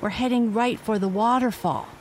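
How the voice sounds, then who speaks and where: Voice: mid-range voice, normal speed, darkish tone, soft background music, voice pushed up, natural voice. A storybook reader voicing a frightened young male cat who cannot swim, talking in a panicked, pleading way. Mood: desperate. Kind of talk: bedtime storybook reading.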